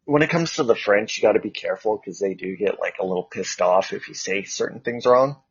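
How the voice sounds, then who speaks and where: A man's voice: on the low side, a little fast, slightly rough, dry recording, lo-fi sound. A Canadian man co-hosting a casual chat podcast, telling rambling stories full of fillers. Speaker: co-host.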